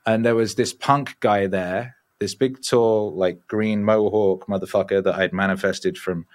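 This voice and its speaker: Low-voiced man telling stories profanely. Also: unhurried. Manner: profane, rambling, animated storyteller. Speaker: musician guest. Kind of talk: casual storytelling interview.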